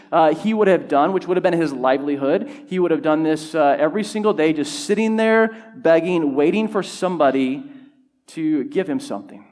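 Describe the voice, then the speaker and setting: High-voiced, animated preaching man. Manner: animated, rising in pitch and volume when quoting shouts; steps through a Bible passage verse by verse. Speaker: pastor. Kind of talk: sermon.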